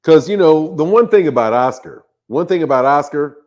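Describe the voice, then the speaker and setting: A man's voice: on the high side, expressive, moderate pace, darkish tone, muffled recording. A man hosting a live boxing stream, chatting casually, laughing often and greeting viewers by name. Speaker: boxing channel host.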